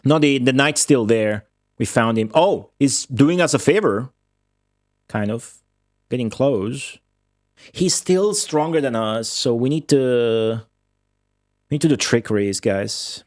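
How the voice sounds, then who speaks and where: A young man streaming a strategy game, talking to viewers in excitable commentary full of swearing. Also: mid-range voice, slow pace, pauses often, dry recording, clean studio sound. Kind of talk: casual gameplay commentary.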